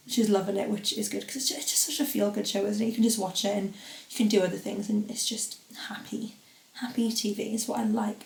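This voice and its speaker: A woman's voice: fairly high pitch, gravelly, dark tone. A young woman hosting a podcast on her own, chatting casually and rambling with lots of fillers. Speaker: podcast host. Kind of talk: casual solo podcast chat. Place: home podcast studio. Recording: roomy echo.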